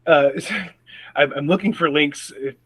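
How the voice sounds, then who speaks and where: A man in the middle of a tabletop role-playing session, talking in character with a slightly high voice. He is excitable, swears freely and keeps restarting his sentences. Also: a little slow, poor audio. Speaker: tabletop game player.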